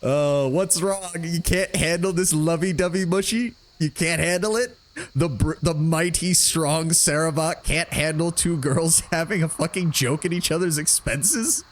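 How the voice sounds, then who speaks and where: A man playing a cheerful young elf woman in a game, pitched above his usual voice. She banters and teases. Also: big pitch swings, a little fast, a little hiss or hum, lightly acted. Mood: mocking.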